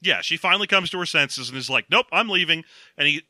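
Bright-voiced jokey male podcast host. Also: fairly high pitch, lively intonation, fast talker, no echo. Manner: jokey, playful asides. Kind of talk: casual comedic book recap.

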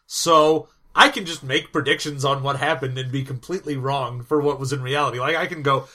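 A man's voice: medium pitch, bright, forceful tone. A man co-hosting a casual movie-review podcast, sarcastic and playful. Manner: sarcastic, playful, quick bits. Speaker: podcast co-host.

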